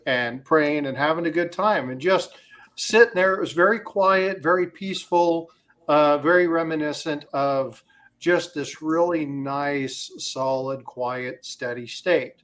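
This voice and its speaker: A man's voice: on the high side, a little slow, fairly bright tone. A man hosting a casual livestream, talking in a rambling way with many fillers and telling stories. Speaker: crypto livestream host.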